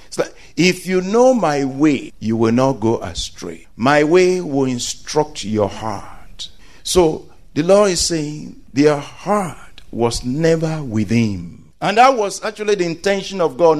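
A male pastor delivers a sermon on scripture. His delivery is animated, with a lively, swinging pitch, and he acts out the quoted voices.

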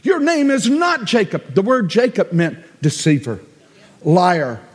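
A man preaching a sermon as a pastor, emphatic and repetitive, with sudden loud cries. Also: high-pitched, wildly swooping pitch, measured pace, slightly rough, big-room sound.

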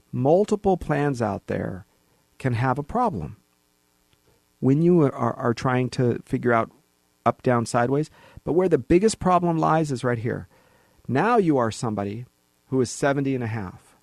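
A man's voice: medium pitch, vocal fry, darkish tone, dry recording. A man hosting a financial radio show, talking to listeners in an emphatic, folksy way. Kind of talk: conversational radio monologue.

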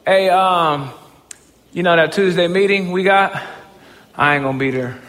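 A man giving a humorous, self-mocking storytelling talk as a motivational speaker, often breaking into excited shouts. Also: high-pitched, measured pace, in a large hall, slight background noise.

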